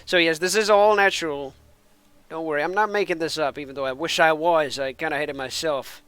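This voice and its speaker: A man's voice: on the high side, fairly even intonation, a little fast, a bit bright, clear, resonant tone, no room sound. A man from Finland, a native Finnish speaker with American-sounding English, rambling in casual stream chatter as an esports caster between matches and laughing at himself.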